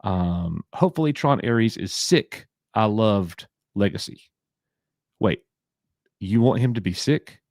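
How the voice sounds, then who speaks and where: A man's voice: lowish voice, expressive, takes it slowly, a little mellow, dry recording, clean studio sound. A man from Alabama with a Southern accent, hosting a casual live stream, joking and bantering as he reads names from chat.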